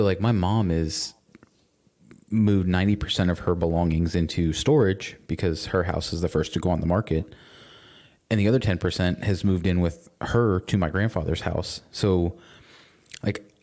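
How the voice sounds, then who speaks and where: A man's voice: low-pitched, a little mellow. A man co-hosting a podcast, chatting casually in a rambling way, full of restarts and swearing. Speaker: podcast co-host. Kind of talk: casual chat.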